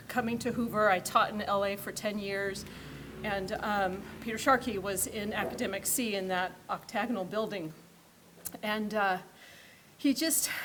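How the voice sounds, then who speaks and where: Woman teacher, fairly high voice, funny stories at a tribute, faint noise behind. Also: fairly bright tone. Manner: anecdotal, amused storytelling. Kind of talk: spoken memorial tribute.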